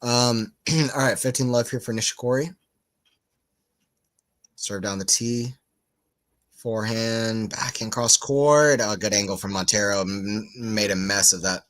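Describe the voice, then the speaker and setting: A man's voice: on the low side, steady tone, a little slow, pauses often, fairly bright tone. A man giving casual live tennis commentary for a watchalong stream, just woken up, rambling into chatty asides between calls of the points. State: just woke up.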